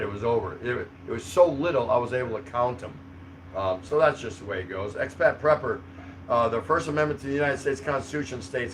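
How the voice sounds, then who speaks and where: Male livestream host, casual and chuckling, middle pitch, light background hiss. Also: a bit bright, low-quality recording. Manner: rambling, chuckling, easygoing. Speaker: livestream host reading chat. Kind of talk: casual live chat. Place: home in the Philippines.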